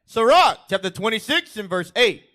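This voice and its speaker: A man's voice: high voice, sing-song, normal speed, pushed and bright. A man reading texts aloud to the class from away from the microphone. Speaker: class reader. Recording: voice from far off the mic.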